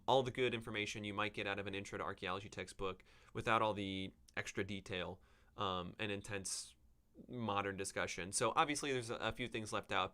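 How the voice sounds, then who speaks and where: This is a man hosting a podcast, chatting loosely without a script and wandering between thoughts with plenty of ums. His voice sits a little low but sounds bright and forward. It is clean and smooth throughout. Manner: rambling, with many ums and self-corrections. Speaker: podcast host reviewing books. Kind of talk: unscripted casual podcast talk.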